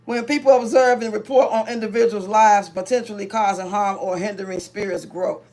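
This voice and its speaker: A woman's voice: medium pitch, fairly even intonation, fairly quick, a little mellow. A woman hosting a casual livestream while she cooks, chatting freely, laughing often and reading out viewer comments. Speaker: livestream host.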